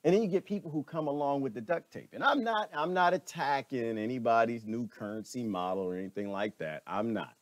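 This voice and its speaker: A man giving an animated opinion monologue, preachy and wry, slipping into mocking voices now and then. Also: medium pitch, a little fast, few pauses, a little hiss or hum. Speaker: commentator.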